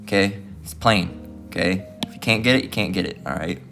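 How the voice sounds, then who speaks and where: A man speaking at normal speed in a low, slightly bright voice with vocal fry preaches and reads scripture in a street-style religious teaching. He is heated and profane, keeps tacking "all right" onto nearly every phrase, and mocks the voices of those he opposes. Faint music plays underneath.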